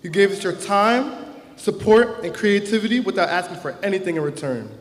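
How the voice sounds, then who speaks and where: Speaking from a stage microphone in a large auditorium, a young class president delivers his graduation speech in a high voice, animated and fairly quick. He's earnest and heartfelt, at times emotional, and the hall's long reverb makes his words echo.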